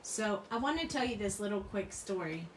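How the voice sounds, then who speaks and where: A woman's voice: medium pitch, animated, normal speed, a little hiss or hum. A middle-aged woman hosting a crafting video, chatting casually and rambling, laughing often as she talks. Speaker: crafting channel host. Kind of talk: casual chat while crafting. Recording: roomy room, mic at a distance.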